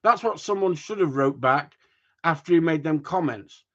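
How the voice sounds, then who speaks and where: Ranting dog trainer on a live stream. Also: male voice, fairly high pitch, expressive, normal speed, dull audio. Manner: chatty, ranting, swears casually. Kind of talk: casual live-stream chat reading viewer comments.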